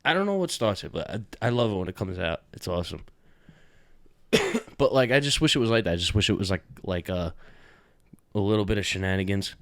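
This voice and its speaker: A man's voice: on the low side, expressive, fairly quick, pauses often, no echo. A young man co-hosting a podcast, chatting casually, rambling with lots of filler words and swearing. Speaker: podcast co-host. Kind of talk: casual chat.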